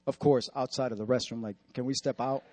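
A man preaching and telling a story in an animated way, acting out what was said and dropping to a hush for the serious parts. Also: medium pitch, a little fast. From Dominican Republic. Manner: animated, acts out quotes with dramatic drops to a hush. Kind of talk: sermon storytelling.

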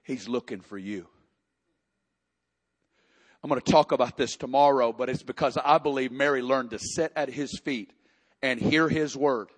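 Male pastor, high-pitched voice, impassioned sermon delivery that swells into shouts. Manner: impassioned preaching, rising to shouts in emotional passages.

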